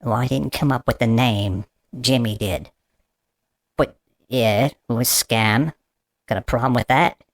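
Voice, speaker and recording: A man's voice: medium pitch, a little slow, long pauses, dry recording, lightly acted. A man playing an indignant English male protester in a comedy sketch, belligerent and stammering. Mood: grudging.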